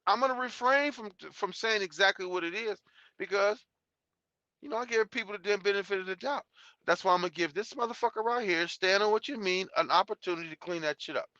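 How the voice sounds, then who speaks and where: The host of a YouTube channel talks on a live stream while reading chat, his high-pitched voice quick, bright and forceful. Blunt, profane and rambling, he restarts often. There's no echo, but the audio sounds dull and lo-fi.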